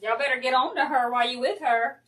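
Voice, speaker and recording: A woman's voice: sits high, pushed and bright. A woman hosting a crafting livestream, chatting casually and easily while she works. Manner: easygoing, chatty, quick to laugh.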